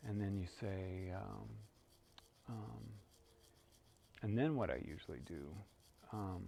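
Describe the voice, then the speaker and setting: A man leading a guided prayer practice and sharing a personal story in a calm, reflective way, chanting prayers. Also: on the low side, vocal fry, a little hiss or hum. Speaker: spiritual practice teacher.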